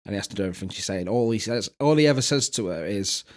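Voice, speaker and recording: A man's voice: lowish voice, very fast. A man, co-hosting a podcast in casual chat, telling stories animatedly. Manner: animated storytelling, puts on quoted voices. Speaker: podcast co-host.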